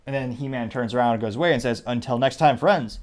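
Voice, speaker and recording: A man hosting a casual commentary show, wryly reading out posts and their like counts. His pitch sits in the everyday middle range for a man. He rambles through asides at a loose pace. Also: quick pace. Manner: wry, rambling, reads quotes aloud with "quote, unquote". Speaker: show host.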